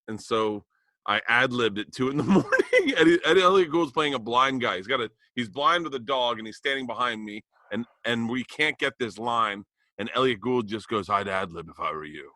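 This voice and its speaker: A man with a bright, forceful voice tells an excitable story on a podcast, breaking into laughs. The sound is dry and close. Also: medium pitch, normal speed, no room sound. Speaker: podcast host. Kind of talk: casual comedic storytelling.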